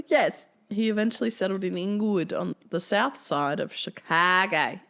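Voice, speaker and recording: A woman's voice: mid-range voice, a little slow, gravelly, a bit bright. A woman hosting a casual true-crime podcast, swearing freely and laughing through the grim details. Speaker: podcast host telling a true-crime case.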